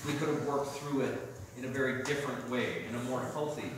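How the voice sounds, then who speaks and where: A man's voice: mid-range voice, fairly even intonation, a little fast, far from the mic. A young adult man preaching a sermon as a pastor, earnest and conversational, telling personal stories. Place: church sanctuary. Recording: echoey church hall mic from afar with noise.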